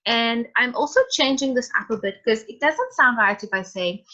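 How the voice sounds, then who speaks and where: A woman's voice: a little high, moderate pace, hardly any pauses, sharp tone, lo-fi sound. A woman teacher giving an online class lesson, calling on students by name and encouraging them. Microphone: video call.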